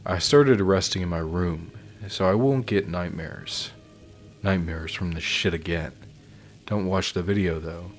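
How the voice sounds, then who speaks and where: Low-voiced man reading a horror story. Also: a little slow, faint music behind. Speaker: narrator.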